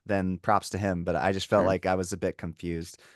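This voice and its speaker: A man with a very low voice talks through his thoughts on a film, pausing and restarting as he goes. His voice sits close and dry against the mic. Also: level tone, dry recording. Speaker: podcast co-host. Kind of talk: casual movie review chat.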